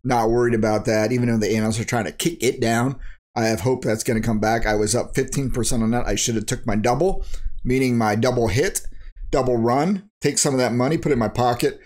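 A man's voice: mid-range voice, steady tone, fairly quick, a little mellow. Blunt, worked-up man ranting. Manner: blunt, worked-up ranting with slang and sound effects. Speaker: crypto YouTuber. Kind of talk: ranting market commentary vlog.

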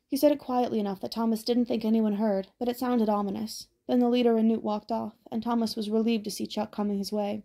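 A woman narrating an audiobook in a steady, even storytelling manner. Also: fairly high pitch, fast, vocal fry, few pauses.

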